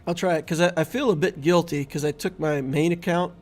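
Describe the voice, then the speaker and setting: A man's voice: on the high side, fairly even intonation, a little fast, soft background music. A middle-aged man hosting a gaming channel, chatting casually and easily with his viewers while he streams. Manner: chatty and easygoing, talking to viewers. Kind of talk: casual live-stream commentary.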